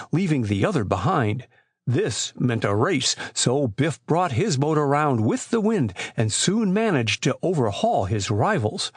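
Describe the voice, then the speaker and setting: A man narrating a classic boys' adventure audiobook in a measured, expressive storytelling voice. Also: fairly high pitch, breathy edge, no echo, clean studio sound. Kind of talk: scripted narration.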